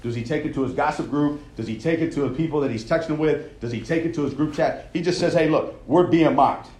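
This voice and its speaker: A young coach leads a devotional, preaching emphatically and conversationally while often checking in with listeners with "all right?". His voice is a little high with a darkish tone, and he talks fast. The room is echoey.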